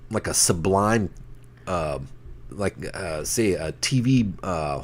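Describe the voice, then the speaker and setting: A man's voice: low voice, lively intonation, slow pace. A man co-hosting a casual car talk show, rambling through stories and acting out quoted lines. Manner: rambling storyteller, acts out quoted bits. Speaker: co-host.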